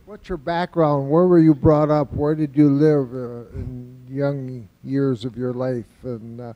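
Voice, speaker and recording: A man in the audience asking a question at a press conference, slow and halting, restating himself. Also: mid-range voice, flat delivery, muffled recording, soft background music.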